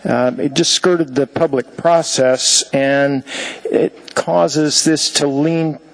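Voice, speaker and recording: A man testifying at a city assembly meeting, halting with many fillers as he reads from a letter. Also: fairly high pitch, fairly even intonation, rough recording. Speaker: public testifier. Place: council chamber.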